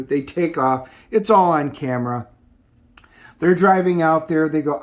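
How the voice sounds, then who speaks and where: A man's voice: on the high side, measured pace. A man with a somewhat raised voice walks through a comic book's story in a loose, casual way. He rambles and leans on ums and uhs as he goes. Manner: rambling, filler-heavy summarizing. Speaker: comic book reviewer. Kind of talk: casual plot recap.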